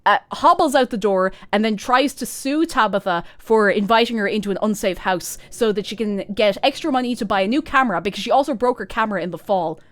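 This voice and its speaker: A woman streaming a video game, spinning rambling, excited jokey stories. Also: medium pitch, a little fast, hardly any pauses. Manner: excited, rambling, laughing asides.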